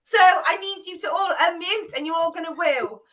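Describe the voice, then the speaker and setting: A woman's voice: very high voice, normal speed, fairly bright tone, recorded from a distance, a little hiss or hum, poor audio. A woman leading an online camp training on a video call, bubbly and encouraging as she leads the singing and dancing.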